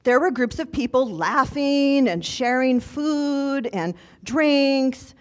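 A woman's voice: high voice, expressive, takes it slowly. A woman telling a personal story to an audience in an earnest, reflective, conversational way.

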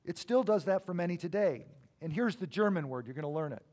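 A middle-aged man with a high voice delivers a sermon. He is animated, jumping from loud, emphatic bursts to hushed, low asides as he tells stories to the congregation. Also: fast talker. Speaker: pastor.

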